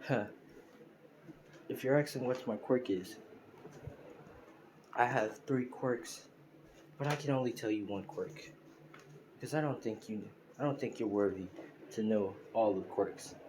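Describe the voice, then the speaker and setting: A man's voice: on the low side, a little slow, pauses often, background noise, close to an everyday voice. A man voicing a cocky, proud teenage boy hero with a smug, taunting way of talking.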